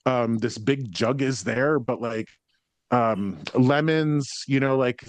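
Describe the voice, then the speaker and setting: A man's voice: medium pitch, slow, no echo. Rambling man giving a psychic reading. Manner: rambling, hesitant, frequent ums and likes, swears when relaying spirits. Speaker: psychic medium. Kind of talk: spirit reading to a sitter.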